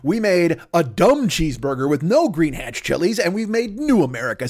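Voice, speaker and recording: A man's voice: fairly high pitch, sing-song, normal speed, hardly any pauses, darkish tone. A man riffing crudely and rambling on a comedy podcast, going into silly voices now and then.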